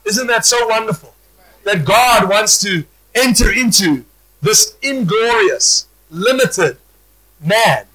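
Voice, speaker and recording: A man preaching a sermon, animated, stumbling over restarts and rising to shouts. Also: high voice, slow, rough recording.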